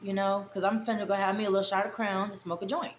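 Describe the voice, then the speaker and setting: A woman's voice: mid-range voice, flat delivery, quick pace, roomy sound, slight background noise. A woman in her forties talking candidly and affectionately to her viewers in a rambling, heartfelt vlog. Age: 40s. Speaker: vlogger. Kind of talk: casual heartfelt vlog monologue.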